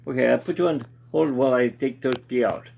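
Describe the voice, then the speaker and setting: The host of a casual home cooking show talks fairly quickly in a mid-range voice that's gravelly and a little mellow. He reads the package directions aloud, commenting and chatting as he cooks in his own kitchen.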